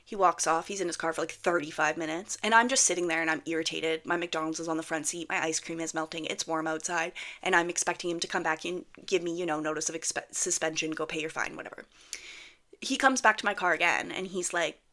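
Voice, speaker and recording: A woman's voice: sits low, steady tone, fast, bright, forceful tone. A woman in her thirties talking to camera about manifestation, chatty and blunt, swearing freely as she tells a story. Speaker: manifestation vlogger. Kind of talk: casual talk to camera.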